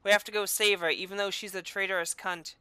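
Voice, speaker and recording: A woman giving casual gameplay commentary as a let's-play host, sarcastic and profane, with loud outbursts and taunts. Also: medium pitch, steady tone, quick pace, smooth.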